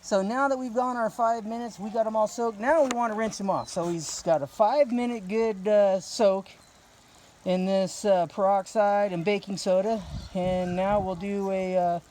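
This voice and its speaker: Outside at night over running water, a dog owner explains his dog's bath in a loose, joking manner. His high voice is steady, moderately paced and a bit mellow, with a little hiss or hum on the phone recording made by another person.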